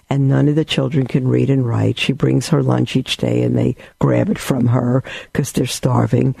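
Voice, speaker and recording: A man's voice: mid-range voice, gravelly, no room sound. A man giving a rambling spiritual talk, telling stories with asides. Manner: storytelling, warm and rambling with asides. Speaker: religious teacher.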